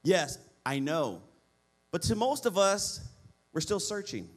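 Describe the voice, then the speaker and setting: A man's voice: high-pitched, sing-song, slow pace, husky. A middle-aged man preaching a sermon as pastor, pleading with the congregation and calling for responses.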